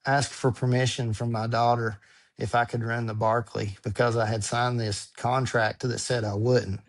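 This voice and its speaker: A man speaking as a podcast guest in casual interview chat, earnest and halting, often repeating words as he searches for how to put things. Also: mid-range voice, level tone.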